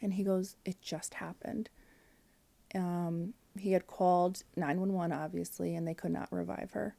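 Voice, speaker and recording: A woman in her forties tells a personal story on a podcast, candid and emotional. Her voice sits a little low and sounds warm and mellow. She fills gaps with "um" and acts out what people said. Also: level tone, moderate pace, creaky. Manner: candid, emotional, with frequent fillers and quoted dialogue. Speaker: podcast guest.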